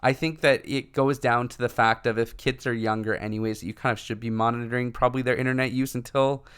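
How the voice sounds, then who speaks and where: A man's voice: medium pitch, fast, clear, resonant tone. Young man chatting on a podcast. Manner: laughs often, filler-heavy, animated. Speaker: podcast co-host. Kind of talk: casual chat.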